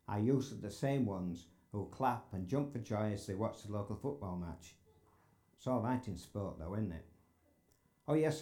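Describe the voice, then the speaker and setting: Earnest preacher with a mellow low voice. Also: male voice. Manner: earnest, rising to emphatic exclamations. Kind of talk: sermon. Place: church sanctuary.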